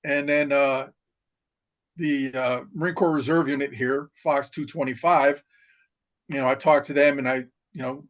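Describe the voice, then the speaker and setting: Middle-aged man, rambling war stories. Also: on the high side. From New York. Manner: rambling, many restarts and fillers. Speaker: podcast guest, retired Marine. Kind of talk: casual storytelling.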